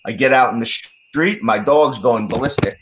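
A man's voice: medium pitch, moderate pace, noisy background. A man, a podcast guest, telling a story in a blunt, heavily profane, casual way. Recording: slightly dull lo-fi audio.

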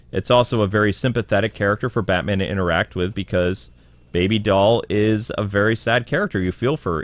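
A man's voice: lowish voice, no room sound. A man giving rambling, opinionated commentary with frequent fillers. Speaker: video commentator.

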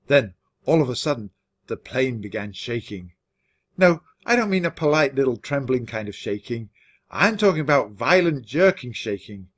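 Man reading a storybook aloud. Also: mid-range voice. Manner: expressive, measured reading. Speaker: storybook reader. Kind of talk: read-aloud children's story for learners.

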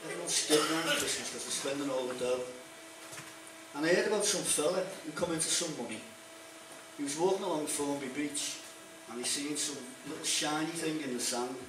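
A man's voice: on the high side, brisk, recorded from a distance, background noise. Liverpool man telling jokes in an echoey hall. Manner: chatty joke-telling, acting out characters. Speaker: stand-up comedian. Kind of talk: stand-up comedy routine. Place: stage in a room with an audience. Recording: echoey room recorded from afar.

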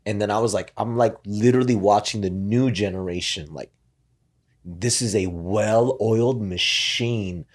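A man's voice: lowish voice, unhurried. A man, a podcast guest telling a loose story full of fillers and swearing. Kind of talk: casual storytelling chat.

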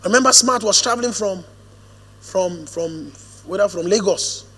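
Pastor, man, very high voice, hushed storytelling into slow emphatic preaching, reverberant church hall. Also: husky. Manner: storytelling, drops to hushed quoted asides, then rises to a firm preaching cadence. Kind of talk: sermon. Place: church auditorium.

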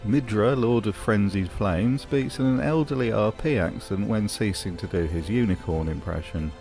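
A man's voice: lowish voice, moderate pace, vocal fry, darkish tone, faint music behind. Dry male narrator. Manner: dry, wry. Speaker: video essay narrator. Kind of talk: scripted narration.

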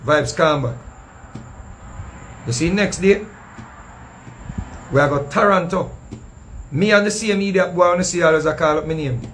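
High-voiced man with a Jamaican accent. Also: moderate pace, long pauses, slight background noise. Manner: animated, acting out what others said. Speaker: storyteller recounting a past show. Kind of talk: casual storytelling in patois.

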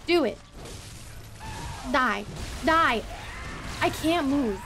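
A woman's voice: fairly high pitch, expressive, unhurried, music in the background. A woman streamer chatting casually while gaming, swearing freely, exasperated and laughing often as she answers her chat.

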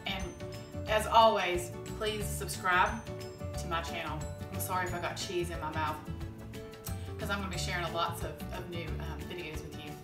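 A woman's voice: on the low side, fairly even intonation, moderate pace, over music. A woman hosting her own cooking channel, talking viewers through a recipe step by step in a chatty, upbeat way with the odd filler. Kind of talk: home cooking demonstration.

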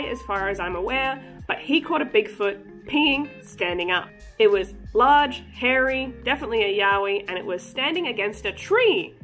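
A woman's voice: on the high side, a bit bright. Chatty, giggly woman hosting a vlog. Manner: chatty, joking, giggly asides. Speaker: cryptid channel host. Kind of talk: casual explainer vlog.

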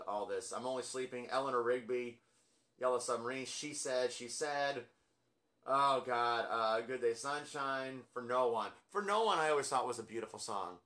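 A music collector vlogger with a mid-range, slightly bright voice casually ranks albums from his record collection. He rambles, pokes fun at himself, and uses plenty of fillers.

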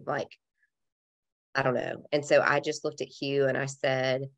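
This podcast guest, a woman with a very low, deep voice, tells a painful personal story in a level tone, unhurried and pausing often. She is frank and emotional, speaking loosely and leaning heavily on "like" as a filler.

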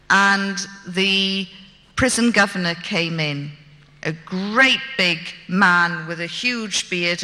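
A woman's voice: lowish voice, sharp tone. A woman telling a story of her own experience to an audience with wry, dry gallows humour. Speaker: speaker recounting her captivity. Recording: long hall reverb.

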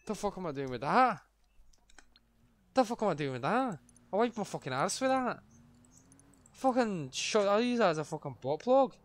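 A young man streaming a game, swearing constantly and breaking into shouted rants. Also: sits high, sing-song, normal speed, long pauses, no room sound. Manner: foul-mouthed, ranting, erupts into shouting. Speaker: gaming streamer. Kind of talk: casual gameplay commentary.

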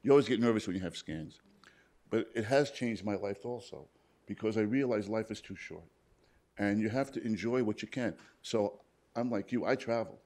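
Man, low-ish voice, plainspoken survivor story at a hospital panel, acts out quotes. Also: moderate pace, darkish tone. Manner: plainspoken, retells conversations in quoted dialogue. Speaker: paramedic and cancer survivor on a panel. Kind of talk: personal story told to a live audience. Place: hospital event room.

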